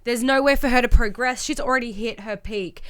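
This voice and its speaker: A woman's voice: a little high, fairly quick, fairly bright tone, clear, resonant tone, no echo. A young woman, co-hosting a casual podcast and ranting heatedly with lots of swearing. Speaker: podcast co-host.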